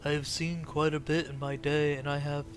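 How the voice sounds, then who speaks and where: A man's voice: on the high side, little pitch movement, moderate pace, over music, pitched below the performer's own voice, natural voice. A man voicing a rambling, half-mad old male quartermaster in a fantasy game. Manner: rambling, talks to himself.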